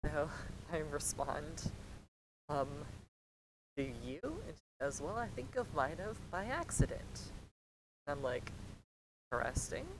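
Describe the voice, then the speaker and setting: A woman's voice: lively intonation, slow, pauses often. A young woman telling a rambling, profane story in a casual vlog and acting out the quoted lines. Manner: rambling, heavy swearing, acts out quotes. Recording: clear low rumbling noise behind.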